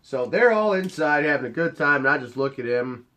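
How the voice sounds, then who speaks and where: A man's voice: fairly high pitch, lively intonation, fairly quick, pushed and bright. A man who works as a bar bouncer and head of security, telling a story to camera in a casual, swaggering way with plenty of swearing. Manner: cocky, profane and swaggering.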